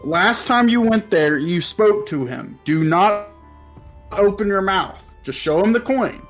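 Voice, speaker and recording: A man's voice: high voice, expressive, a little slow, faint music behind. A man voicing an exasperated male club owner who scolds and sighs at a worker. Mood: stern.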